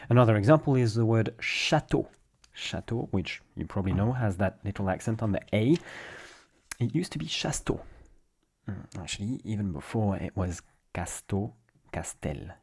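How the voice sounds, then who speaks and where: A man from France with a French accent, patiently explaining French pronunciation in a relaxed way, with small fillers. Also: lowish voice. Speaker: French teacher.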